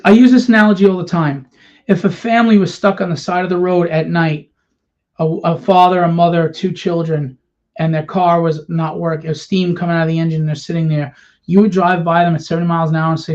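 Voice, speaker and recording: A man's voice: sits high, a little mellow. A man ranting to camera, bitter and confrontational, firing rhetorical questions at his audience. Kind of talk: impassioned rant to camera. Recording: dull lo-fi sound.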